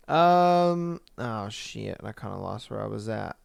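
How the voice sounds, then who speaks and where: A young man hosting a podcast, reading stories aloud and reacting with swearing and loud outbursts. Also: lowish voice, expressive, takes it slowly, creaky, few pauses, no room sound, clean studio sound. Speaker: podcast host.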